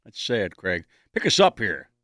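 A man hosting a radio show alongside others, his voice bright and full of lively pitch swings. He is sarcastic and jokey, always ready with a quip. The sound is dry and close. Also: no room sound. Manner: sarcastic, jokey, quick to laugh. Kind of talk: casual radio banter.

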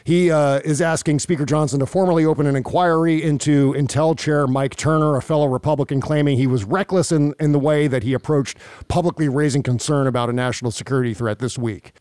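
A man's voice: a little high, fairly even intonation, fairly quick, a little mellow, smooth, no echo, clean studio sound. Sarcastic man hosting a podcast. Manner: sarcastic, mocking. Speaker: podcast host. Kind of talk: casual political chat.

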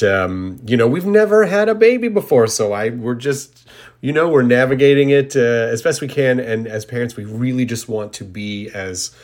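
A male podcast host talking in relaxed, casual chat. He sounds earnest and repeats himself as he thanks listeners. When the talk turns to jokes, he riffs with animated energy. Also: mid-range voice. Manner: earnest, rambling with repeated words; animated riffing, jokey.

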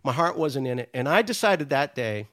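A man in his sixties from New England, a guest telling a story in casual chat, animated, profane and self-mocking. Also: mid-range voice, normal speed.

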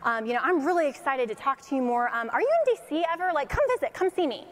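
A woman quoting a brash older politician who gushes and repeats his praise over and over. The voice sits fairly high, and a long hall reverb trails behind every phrase. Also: big pitch swings, quick pace. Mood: gushing. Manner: gushing, repetitive praise.

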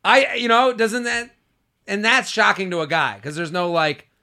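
A young man hosting a podcast, telling comic stories in casual chat and dropping low and quiet for asides. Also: moderate pace, vocal fry. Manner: animated storytelling, drops low and quiet for asides. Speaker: podcast host.

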